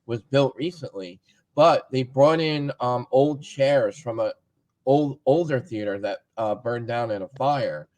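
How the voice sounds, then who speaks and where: A man's voice: mid-range voice, measured pace, a little mellow, rough recording. A man hosting a podcast, talking in a friendly, agreeable way. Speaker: podcast host. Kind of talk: casual podcast chat.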